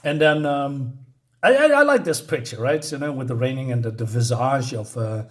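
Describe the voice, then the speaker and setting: A man's voice: mid-range voice, expressive, moderate pace, a bit bright. A man casually reviewing a comic book, hesitant and stumbling over his words, chuckling often.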